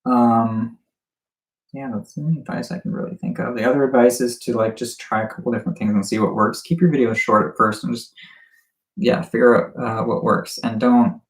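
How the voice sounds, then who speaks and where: A man's voice: medium pitch, fairly even intonation, fairly quick, echoey room, rough recording. A young man from Canada hosting a casual livestream Q&A, talking in a chatty way with lots of fillers and frequent laughs.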